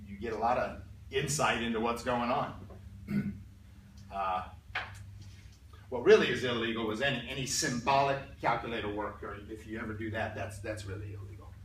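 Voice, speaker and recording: A man teaching a calculus class, chatty and stumbling over repeated words, clearing his throat now and then. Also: mid-range voice, a bit bright, a little hiss or hum. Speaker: math teacher. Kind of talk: classroom lecture. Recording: echoey room, mic far off.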